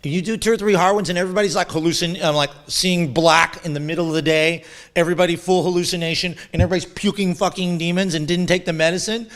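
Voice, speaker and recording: A man with a fairly high voice talks as a shaman guest in a relaxed interview. He tells his stories with animation, often laughing, swearing freely and acting out the voices of other people. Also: fast. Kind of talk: casual storytelling interview.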